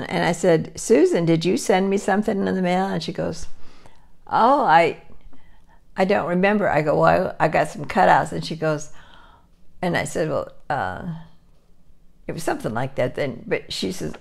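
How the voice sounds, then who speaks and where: A woman in her sixties hosts her own channel, chatting casually and telling a long, rambling story to the camera. Her voice sits fairly low and has a gravelly, fried edge. She restarts sentences and laughs softly now and then. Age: 60s. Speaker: channel host. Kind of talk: casual chat.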